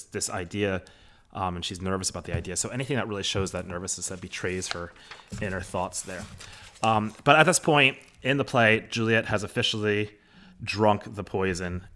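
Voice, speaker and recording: A man with a lowish, slightly bright voice records a class lesson into a microphone, reading a play aloud and walking students through it. His style is chatty, full of fillers and asides.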